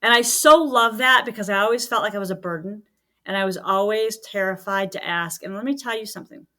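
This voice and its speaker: A woman's voice: mid-range voice, fairly quick, bright, forceful tone. A middle-aged woman talking as a podcast guest, a medium and healer who chats casually and acts out quoted dialogue as she tells stories.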